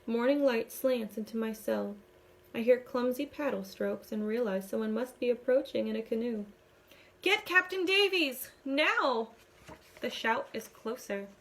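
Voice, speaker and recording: A woman teacher reading a novel aloud to her class, expressive, giving the characters their own voices. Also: a little high, moderate pace, vocal fry. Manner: expressive storytelling, voicing the dialogue.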